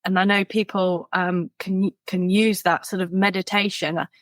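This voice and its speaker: Lively woman telling anecdotes. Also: medium pitch, moderate pace, no echo. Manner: animated storyteller who acts out quoted people. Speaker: guest. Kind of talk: podcast conversation.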